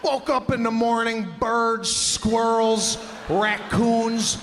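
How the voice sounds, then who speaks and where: A man doing stand-up on stage with a high, excitable voice that keeps jumping into shouted bursts as he plays his relatives. His voice rings with a long reverb through a big hall, with clear audience noise behind him. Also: takes it slowly. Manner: animated, acting out family members in loud bursts. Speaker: stand-up comedian. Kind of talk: stand-up routine. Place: theater stage. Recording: live show in a large reverberant venue with crowd noise.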